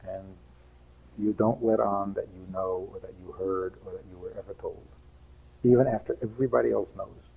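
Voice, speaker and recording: A husky-voiced male rabbi teaches with emphatic rhetorical questions, slipping into voices as he quotes people. His voice sounds narrow and tinny, as if carried over a phone line. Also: low voice, fairly even intonation, normal speed. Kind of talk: teaching talk on relationships.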